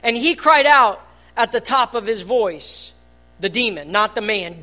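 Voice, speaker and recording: A pastor giving a sermon in a church, earnest, moving between soft, hushed passages and loud, emphatic ones. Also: mid-range voice, lively intonation, a little slow. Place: church hall.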